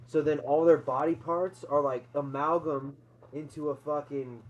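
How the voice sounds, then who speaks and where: A man retelling a horror film's plot in a casual, excited, swear-heavy chat, laughing as he goes. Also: a little high, normal speed. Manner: excited, profane, laughing storyteller. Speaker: co-host, movie reviewer. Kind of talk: casual movie review chat. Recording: dull lo-fi sound.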